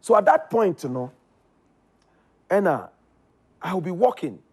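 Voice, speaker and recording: Husky Ghanaian man telling a lively story. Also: sits high, a little slow. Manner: animated storytelling, voice leaps up when excited. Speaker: guest. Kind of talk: casual chat.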